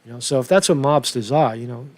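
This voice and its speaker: A man's voice: medium pitch, fast. A man ranting casually as a political commentator, profane and rambling with many restarts. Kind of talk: casual rant.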